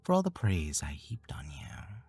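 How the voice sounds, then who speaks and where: A woman voicing a cold, scornful, menacing husband in a whispered role-play, speaking softly and slowly. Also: very deep voice, huge pitch swings, vocal fry, breathy edge, no echo, soft background music, pitched below the performer's own voice, heavily acted. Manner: soft, slow, whispered menace.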